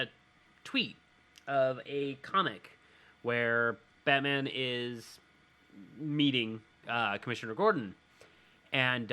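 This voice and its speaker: Male podcast co-host, bright voice, halting casual chat with lots of fillers. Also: mid-range voice, smooth. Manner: halting, many fillers and restarts.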